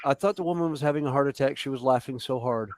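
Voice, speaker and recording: A man with a Southern American accent telling animated anecdotes in a casual group chat, running his words together. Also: medium pitch, fast, dry recording. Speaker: panelist, Renaissance festival performer.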